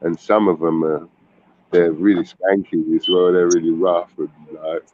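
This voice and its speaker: Low-voiced London man on a phone line. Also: flat delivery, normal speed, a little mellow. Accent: London English. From London, England. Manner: chatty, repeats words while finding them. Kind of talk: casual chat. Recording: tinny phone line with faint hiss.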